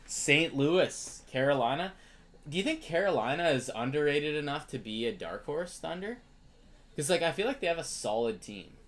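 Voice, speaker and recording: A man's voice: fairly high pitch, lively intonation, normal speed, fairly bright tone. A young Canadian man hosting a live card break stream, chatting casually and greeting viewers by name.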